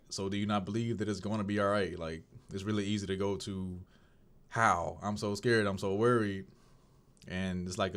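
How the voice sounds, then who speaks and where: Man, fairly low voice, casual reflective diary talk, rambling, searching for words. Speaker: video diarist.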